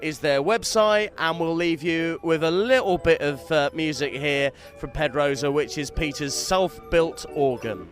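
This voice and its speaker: A man's voice: fairly high pitch, unhurried, few pauses, faint music behind. A man hosting on-location interviews outdoors at a fair, chatty and enthusiastic, teasing his guest. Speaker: radio presenter interviewing at a steam fair.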